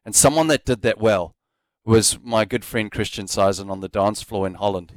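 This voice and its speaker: A man co-hosting a casual sports chat, speaking in a relaxed way and thinking aloud with plenty of fillers. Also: fairly low pitch, moderate pace, no room sound. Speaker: co-host.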